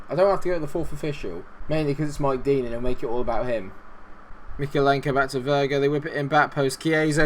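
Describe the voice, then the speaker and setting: A man giving chatty, excitable commentary over a football management game and talking to his viewers. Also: mid-range voice, quick pace, slight background noise. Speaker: gaming video host.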